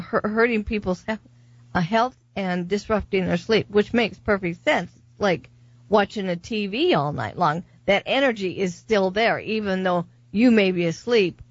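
Steady middle-aged woman radio co-host. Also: mid-range voice, no echo, highs cut off. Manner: steady, advising, frequent agreement. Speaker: radio show co-host, guest's mother. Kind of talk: casual radio talk.

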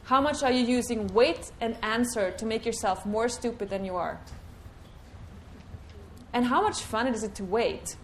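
A woman leading a live workshop, coaching with questions and sinking into a quiet low murmur for a repeated clearing chant. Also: normal speed, long pauses, a little hiss or hum. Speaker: workshop facilitator.

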